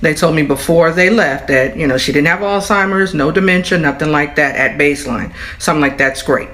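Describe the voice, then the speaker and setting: A woman who works as a nurse, telling a hospital story in an animated way and acting out the voices of the people in it. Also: sits low, a little fast. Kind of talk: storytelling to camera.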